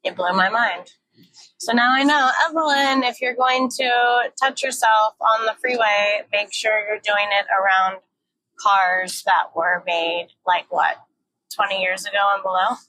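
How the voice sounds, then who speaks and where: A woman's voice: mid-range voice, steady tone, measured pace, pushed and bright, slight background noise, low-quality recording. A young woman talking candidly in a frank, joking, often profane monologue, recorded on a phone while she drives her car. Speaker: vlogger.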